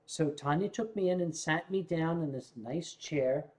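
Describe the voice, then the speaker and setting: A man's voice: fairly high pitch, unhurried, darkish tone. An older man, a vlog host, telling rambling anecdotes in casual storytelling style with asides to his viewers.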